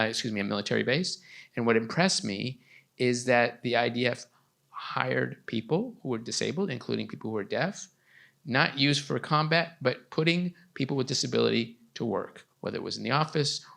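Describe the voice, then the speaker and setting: Creaky, bright-toned male interpreter. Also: mid-range voice. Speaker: sign language interpreter voicing a deaf guest. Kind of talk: first-person interpreting on a live talk show. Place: TV studio with a live audience.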